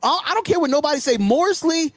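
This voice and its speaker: Guy with a high voice hosting a sports call-in stream, fired up and repeating himself, dry sound. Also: lively intonation, unhurried, no echo. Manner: indignant, emphatic, repeats himself. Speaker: sports call-in show host. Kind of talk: sports talk livestream rant.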